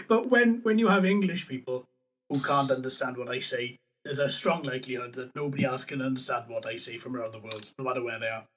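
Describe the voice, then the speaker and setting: A man's voice: mid-range voice, fairly quick, fairly bright tone. A man with a Swansea Welsh accent hosting a casual podcast chat. He banters, laughs easily and swears freely. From Wales. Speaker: podcast host.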